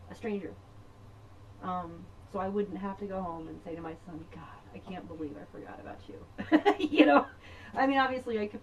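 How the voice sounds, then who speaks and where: A middle-aged woman telling a personal story in a rambling, chatty way, laughing often and filling pauses. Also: lowish voice, a little hiss or hum, low-quality recording. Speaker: podcast host.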